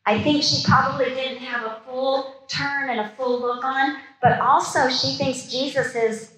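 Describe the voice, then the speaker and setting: A woman's voice: high voice, steady tone, a little slow, fairly bright tone. A woman giving a Bible study sermon, reading scripture aloud and breaking off to comment in casual, chatty asides. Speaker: Bible teacher. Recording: roomy echo.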